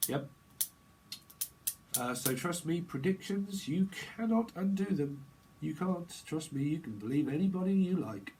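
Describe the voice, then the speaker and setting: A man's voice: on the high side, lively intonation, unhurried, a little mellow, slight background noise, poor audio. A man giving a casual, rambling tarot reading, laughing often and using slang. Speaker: tarot reader.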